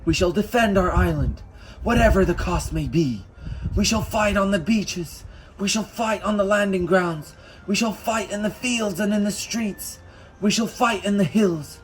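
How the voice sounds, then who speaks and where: A man's voice: high-pitched, a little slow, rough recording. A man playing a resolute wartime leader making a defiant vow.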